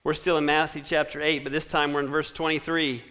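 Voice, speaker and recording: A man preaching a sermon, posing rhetorical questions and dropping to a hushed tone to repeat a scripture refrain. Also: on the high side, level tone, brisk. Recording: echoey hall with long reverb.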